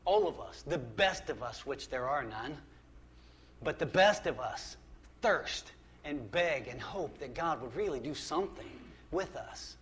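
A man's voice: on the high side, expressive, measured pace, fairly bright tone. A man pastor preaching a sermon in a church, conversational and emphatic, often restarting and repeating phrases.

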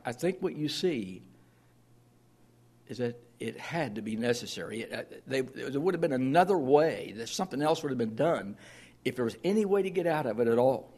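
A man's voice: medium pitch, gravelly, darkish tone, breathy edge. A man preaching a sermon as pastor, plain-spoken and earnest, reading scripture aloud.

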